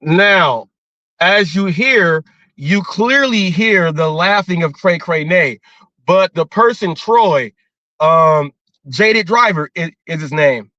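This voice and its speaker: A man's voice: high-pitched, expressive, takes it slowly, pushed and bright, no room sound, lo-fi sound. A man hosting a livestream, ranting defensively and often repeating himself as he restarts his words. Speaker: livestream host.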